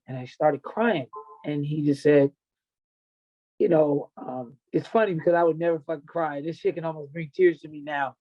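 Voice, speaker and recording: On a podcast, a middle-aged wrestling and MMA coach tells his own story frankly, looking back on his youth with plenty of emotion and swearing. His voice is fairly high and his delivery unhurried. The sound is dull and lo-fi, like a basic podcast setup.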